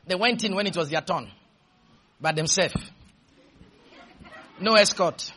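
A male preacher delivering a sermon, emphatic and loud, leading the congregation in call-and-response and telling stories with playful asides. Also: sits high, slow, slightly rough. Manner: emphatic, with sudden shouted bursts and call-and-response.

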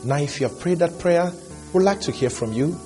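A man leading a closing prayer invitation in a calm, measured way. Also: fairly high pitch, music in the background.

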